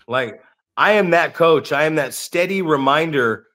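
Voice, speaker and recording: A man with a fairly high voice tells coaching stories in casual podcast chat. He is blunt and swears freely, and his delivery stays animated. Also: a little fast. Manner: blunt, profane, animated storytelling. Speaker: podcast co-host and wrestling coach.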